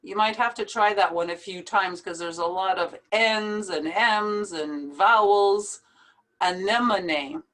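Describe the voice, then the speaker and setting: A woman teaching English pronunciation, saying each word slowly and repeating it carefully. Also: mid-range voice, a bit bright. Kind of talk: slow pronunciation lesson.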